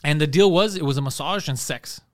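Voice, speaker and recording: A man, a comedian guest on a podcast, telling an animated, profane story and acting out the quoted lines. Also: on the high side, a little fast, dry recording, studio quality.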